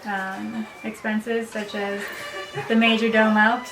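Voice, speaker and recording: A woman's voice: fairly high pitch, level tone, slow, over music. Chatty woman, roomy distant sound. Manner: chatty and upbeat, laughs often. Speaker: vlogger, bride. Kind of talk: casual chat to camera. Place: home room by a desk. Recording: roomy, distant mic with faint hiss.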